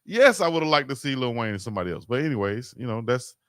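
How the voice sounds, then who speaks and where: A man hosting a live stream, chatting casually about sports with lively, playful arguing. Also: mid-range voice, fast talker, clear, resonant tone, no echo, clean studio sound.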